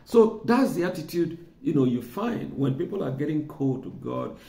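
A man's voice: on the high side, big pitch swings, normal speed, vocal fry, mellow, roomy sound. A man preaching a sermon, conversational, repeating words for emphasis and chuckling now and then. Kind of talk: sermon teaching.

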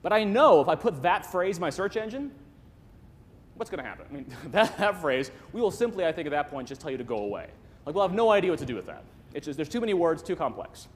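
A man giving a lively, joking conference talk on stage, restarting sentences often. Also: a little high, fast talker. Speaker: conference speaker. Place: large conference hall. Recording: long hall reverb.

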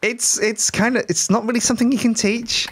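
A man casually coaching a newcomer through a video game, giving patient instructions with an animated, teasing manner. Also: extremely high pitch, a little fast, slight background noise. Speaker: Minecraft mentor. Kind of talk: casual gaming chat.

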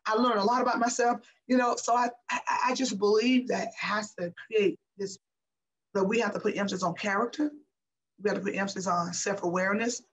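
A woman's voice: mid-range voice, fairly even intonation, a little fast, rough recording. Passionate, emphatic woman on a video call. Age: middle-aged. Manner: passionate, emphatic, repeats herself. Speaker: interview guest, former basketball player. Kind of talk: casual interview talk.

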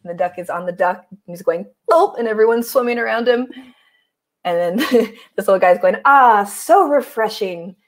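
A woman's voice: mid-range voice, brisk, a little mellow. A woman reading a picture book aloud over a video call, laughing often and poking fun at herself. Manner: giggly, self-deprecating, laughs often. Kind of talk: storytime reading with chat.

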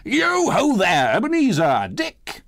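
A man's voice: high-pitched, wildly swooping pitch, takes it slowly, a bit bright, voice pushed up, full character voice. A man voicing a jolly, stout old merchant with a rich, jovial voice, hollering cheerfully.

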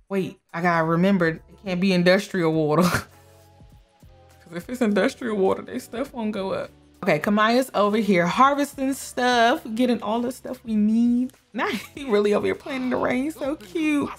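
A young woman chatting through a life sim game, talking to her characters and laughing often. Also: a little high. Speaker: gameplay streamer. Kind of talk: casual gameplay commentary.

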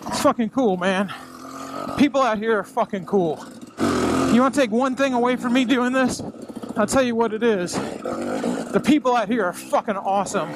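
A man's voice: high-pitched, sing-song, normal speed, vocal fry, pauses often. A man talking to himself while riding a dirt bike on a wooded trail, out of breath, profane and self-mocking. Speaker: dirt bike racer vlogging. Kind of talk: casual self-talk commentary while riding. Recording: loud engine noise behind the voice.

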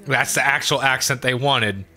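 A man's voice: mid-range voice, moderate pace, sharp tone. A man hosting a let's play, rambling in casual gameplay commentary and swearing often.

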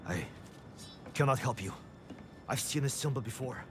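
A man's voice: mid-range voice, moderate pace, over music, close to an everyday voice. An actor playing a grim, weary man in a video game who curtly turns others away.

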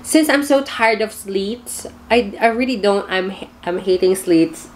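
A woman with a Filipino accent reacts to pageant gowns in a casual vlog, speaking unhurriedly at a medium pitch. She gushes with plenty of exclamations and can't choose between favorites, with music playing behind her and a little hiss or hum.

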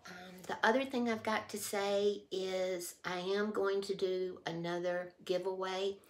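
A woman vlogger chatting casually to camera, heartfelt and emotional, often trailing off mid-thought. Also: lowish voice. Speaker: haul vlogger.

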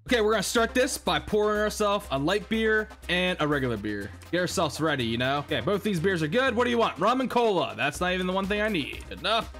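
High, lively, bright-voiced man gaming. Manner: hyped, shouty and jokey, talking to game customers. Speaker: gaming YouTuber. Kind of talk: gameplay commentary.

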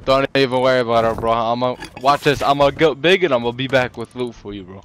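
A man's voice: medium pitch, fast, a little hiss or hum. A man pleading and chatting in a friendly way with another player over in-game voice chat. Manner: pleading, friendly, says bro a lot. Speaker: other player.

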